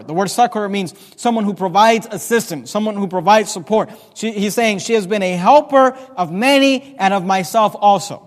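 A man's voice: high-pitched, fairly quick, few pauses. A man preaching a sermon as pastor, reading scripture aloud with rising emphasis. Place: church sanctuary. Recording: reverberant church hall.

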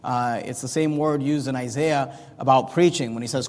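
A man's voice: mid-range voice, fairly even intonation, normal speed, hardly any pauses, a little mellow. A man preaching a sermon as pastor, explaining scripture in an earnest, plain-spoken way with frequent restarts. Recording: long reverb of a large hall.

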